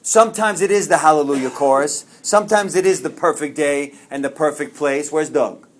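A man tells his recovery story to a meeting in a voice pitched a little high. He talks with lively swings, jumping to loud exclamations and then dropping to quiet, confiding asides. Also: a little fast. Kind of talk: sharing a personal story.

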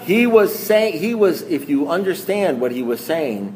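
Animated man telling a self-mocking story. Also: a little high, measured pace. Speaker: speaker sharing his recovery story. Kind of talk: storytelling talk to a recovery meeting.

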